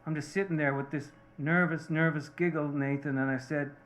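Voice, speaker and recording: A man reading the part of a remorseful Irish-American mother, a seamstress, confessing earnestly and haltingly to her husband. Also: on the high side, steady tone, lightly acted.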